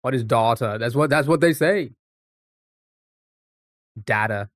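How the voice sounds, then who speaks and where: A man's voice: fairly high pitch, fast talker, dry recording, clean studio sound. A young English man chatting casually to his live-stream viewers, rambling and reacting to their messages. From England.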